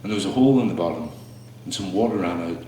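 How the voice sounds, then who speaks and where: A man performing his spoken word poetry to a small audience, slow and halting between pieces, with fillers and restarts. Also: low voice, lively intonation, mellow, a little hiss or hum. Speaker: poet performing his work. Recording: echoey room, mic far off.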